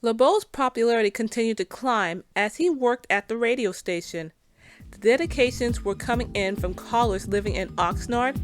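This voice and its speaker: Woman host narrating a music tribute. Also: on the high side. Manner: conversational, with some fillers and restarts. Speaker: show host.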